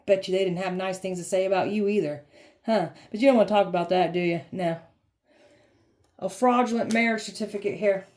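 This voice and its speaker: A woman's voice: medium pitch, fairly quick, a little mellow. A woman giving a blunt tarot reading, sassy and heated, swearing freely and mocking the people she describes. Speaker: tarot reader.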